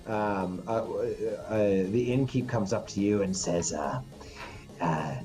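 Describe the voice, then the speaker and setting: Man, game master, halting narration, lots of restarts, faint background music. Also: fairly low pitch, warm tone. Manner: halting, full of ums and restarts.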